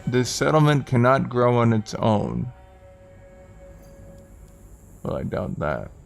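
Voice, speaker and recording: A man's voice: mid-range voice, sing-song, moderate pace, creaky, faint music behind. A young man streaming a strategy game, talking offhand and sardonic, swearing casually as he comments.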